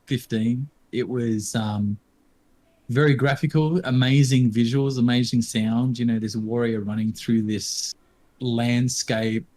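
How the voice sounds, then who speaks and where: A man's voice: mid-range voice, fairly even intonation, unhurried, a little mellow. A man in his fifties co-hosting a podcast, talking casually with many ums and restarts. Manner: hesitant, lots of ums. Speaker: podcast co-host. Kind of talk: casual chat.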